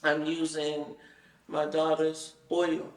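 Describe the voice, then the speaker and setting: A woman telling her own story in a casual chat, animated and acting out the conversations she retells. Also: deep voice, takes it slowly. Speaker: guest telling her experience. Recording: roomy sound, mic at a distance.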